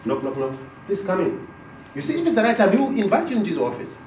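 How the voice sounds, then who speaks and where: A man's voice: high-pitched, fast, slight background noise. A man teaching a workshop class. He quizzes the room and acts out office dialogues. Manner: animated, asks the class questions and acts out dialogues. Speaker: business trainer. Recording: roomy echo from far off.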